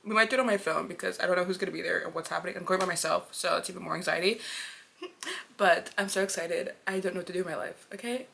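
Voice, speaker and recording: A woman's voice: on the low side, vocal fry, pushed and bright. A young woman in her twenties chatting casually about books in a vlog, gushing and joking at herself. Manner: chatty, gushing, self-mocking. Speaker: book vlogger.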